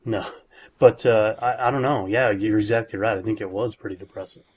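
A man's voice: fairly low pitch, fairly even intonation, fairly quick, a crowd in the background. A man co-hosting a casual podcast chat in a laid-back, agreeable way. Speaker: podcast co-host.

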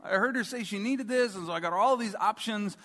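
A chuffed, eager dad with a French accent, as a male pastor puts him on in a sermon, his voice pitched a little high and carried on the long echo of a big hall. He sounds thoroughly pleased with himself. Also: fast talker, pushed and bright. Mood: proud. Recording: long reverb of a large hall.

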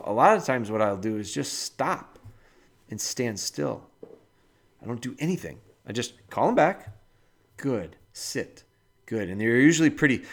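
A man's voice: medium pitch, fairly bright tone. Man casually giving dog-training advice. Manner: explains with homely analogies, addresses the listener directly. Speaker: podcast host and dog trainer.

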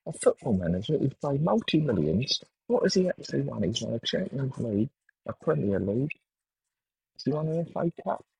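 A man's voice: lowish voice, vocal fry, slightly rough, no room sound, far from the mic, poor audio. A middle-aged man hosting a sports betting podcast, ranting bluntly and swearing in exasperation. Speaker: podcast host.

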